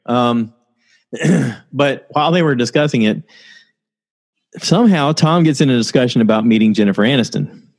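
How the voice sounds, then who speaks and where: A man's voice: medium pitch, normal speed, pauses often. A man hosting a casual solo podcast, telling stories in a rambling way and laughing often. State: tired, low on energy. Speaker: podcast host.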